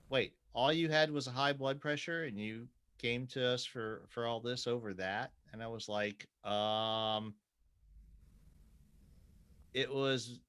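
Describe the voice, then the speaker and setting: A middle-aged man talking casually on a podcast, his voice bright and forward. He gets lively and loud in his stories and swears without a second thought. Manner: animated storyteller, swears freely, jumps to high pitch when quoting others. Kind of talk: casual chat.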